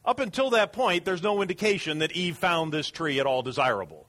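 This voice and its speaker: Husky-voiced male preacher. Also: on the high side, lively intonation, fairly quick, hardly any pauses, a bit bright. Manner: earnest, emphatic preaching. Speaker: pastor. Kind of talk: sermon.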